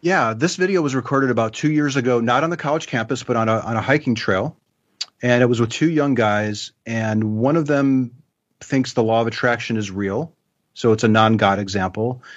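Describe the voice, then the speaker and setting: Man, interview guest, relaxed and thoughtful, dull muffled video-call sound. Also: mid-range voice, normal speed. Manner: relaxed, thoughtful, explains at length. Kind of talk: casual interview.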